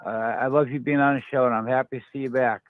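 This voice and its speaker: A man's voice: mid-range voice, fairly even intonation, fast talker, no room sound. A man on a tinny phone line calls in to the show, teasing and playful. The sound is dry and thin, with no room around it. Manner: teasing, flirtatious banter. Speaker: caller. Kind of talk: phone-in chat.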